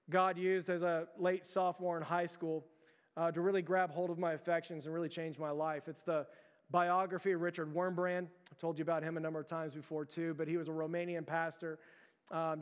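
A pastor preaches with earnest urgency, stumbling over restarts and calling the congregation "church." His voice sits high yet moves little in pitch. A long hall reverb trails every phrase. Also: clean tone. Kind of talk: sermon.

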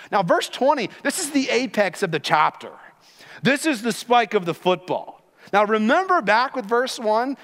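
A man's voice: high voice, fairly bright tone. A man preaching a sermon as pastor, emphatic and teaching, acting out scenes from the text. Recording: long hall reverb.

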